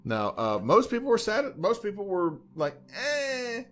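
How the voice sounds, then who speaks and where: A man's voice: high voice, wildly swooping pitch, moderate pace, fairly bright tone. A man co-hosting a podcast in casual chat, rambling and joking as he talks. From Louisiana. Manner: rambling, joking, puts on silly voices. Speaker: podcast co-host.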